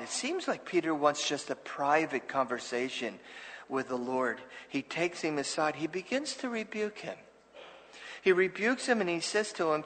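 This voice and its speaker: A man's voice: fairly high pitch, a bit bright, in a large hall, rough recording. A man preaching a sermon as pastor, earnest and conversational, with restarts and asides to the congregation.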